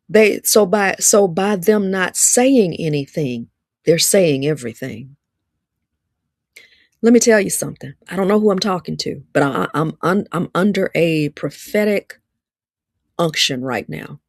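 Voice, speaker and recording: A woman hosting a lively teaching talk, playful and preacher-like, repeating key lines for emphasis. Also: on the low side, a little slow, no room sound, clean studio sound. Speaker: relationship teacher and host.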